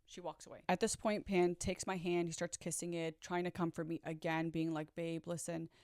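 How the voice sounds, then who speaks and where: A woman's voice: lowish voice, fairly quick, dry recording, clean studio sound. A woman telling her own story in a casual vlog, blunt and candid, swearing freely and talking straight to her viewers. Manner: animated, talks straight to viewers. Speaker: storyteller recounting a past relationship. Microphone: own microphone.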